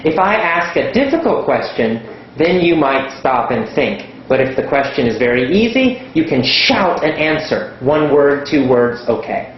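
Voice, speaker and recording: Male language teacher, slow emphatic delivery, heavy room echo, faint background noise. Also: medium pitch, big pitch swings, highs cut off. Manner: slow, emphatic, repeats words for stress. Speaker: English teacher. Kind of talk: teaching lesson.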